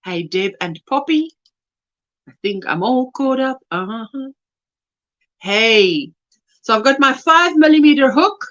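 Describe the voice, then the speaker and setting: A woman's voice: sits high, lively intonation, takes it slowly, pauses often, dull audio. A South African woman hosting a crochet livestream, casually greeting viewers and reading their chat messages aloud. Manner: warm greetings, reads chat messages aloud, laughs often.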